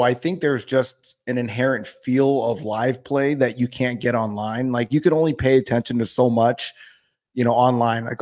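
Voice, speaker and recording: Laid-back podcast host, swearing freely. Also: male voice, medium pitch. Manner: profane, animated storytelling with frequent laughs. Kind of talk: casual chat.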